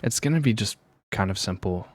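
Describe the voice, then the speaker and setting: A man streaming music production and talking quietly in a soft-spoken ASMR manner. He hesitates and thinks aloud as he works. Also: fairly low pitch, expressive, a little fast, no echo.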